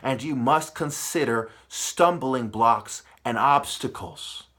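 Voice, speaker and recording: A man delivering a heated, profane spiritual rant. He swings from low muttering to yelling. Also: slow. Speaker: channel host.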